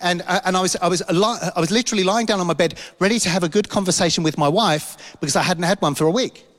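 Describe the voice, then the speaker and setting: A man preaches in a church hall, his fairly high voice carrying a long reverb tail. He tells a personal story with lively energy, acting out the voices and laughing at himself as he goes. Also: fast. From London. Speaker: pastor.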